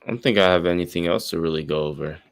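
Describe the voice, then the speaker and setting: A young man who sounds high, rambling and swearing freely as he casually signs off his live stream. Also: very fast, no echo. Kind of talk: casual stream sign-off chat.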